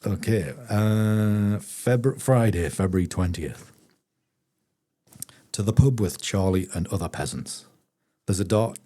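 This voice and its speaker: A man reading a farming diary aloud on a live stream, pausing for chatty asides to viewers. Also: low-pitched, dark tone, breathy edge.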